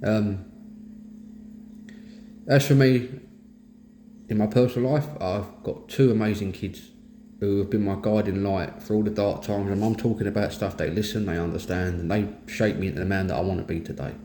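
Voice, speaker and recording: A middle-aged man with a London Cockney accent speaks in a low, mellow voice, plain-spoken and earnest. The sound is echoey, as if recorded in a bare room, with a faint hiss underneath. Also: steady tone, moderate pace. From East London, England. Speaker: host of a mental health talk. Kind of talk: candid personal monologue.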